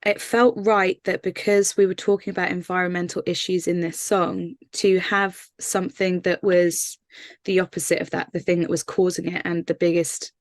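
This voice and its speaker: Woman singer-songwriter, low flat delivery, thoughtful and earnest, dry recording. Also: normal speed, no room sound. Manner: earnest, thoughtful, many fillers and restarts. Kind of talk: casual interview answers.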